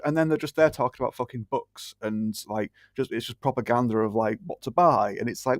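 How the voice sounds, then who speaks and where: A man's voice: medium pitch, brisk, no room sound, studio quality. A British man co-hosting a casual podcast chat, ranting bluntly and swearing freely.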